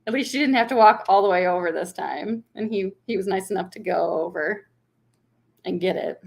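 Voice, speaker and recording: A woman's voice: mid-range voice, normal speed, gravelly, a little mellow. A young woman casually chatting on a livestream, laughing often and answering viewers' comments. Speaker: vlogger hosting a livestream.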